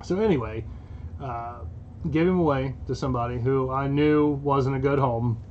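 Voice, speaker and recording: A man's voice: mid-range voice, moderate pace, dull audio, slight background noise. A man with a Kentucky accent, co-hosting a podcast, telling a long story casually with plenty of swearing and laughter. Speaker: podcast co-host.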